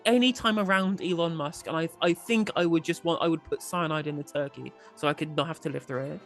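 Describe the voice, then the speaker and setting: A man guesting on a podcast in casual political chat, making wry, dry jokes and measured asides. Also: fairly high pitch, gravelly, fairly bright tone, soft background music.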